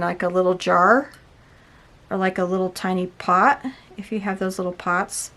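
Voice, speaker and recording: Excitable woman reviewing art supplies. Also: fairly low pitch. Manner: gushing, exclaims often and addresses viewers as "you guys". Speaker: unboxing and product review host. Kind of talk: excited casual unboxing chat.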